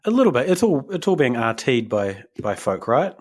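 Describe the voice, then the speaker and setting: A man's voice: mid-range voice, very animated, normal speed. A young man, co-hosting a podcast, rambling and self-deprecating in casual chat. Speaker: podcast co-host.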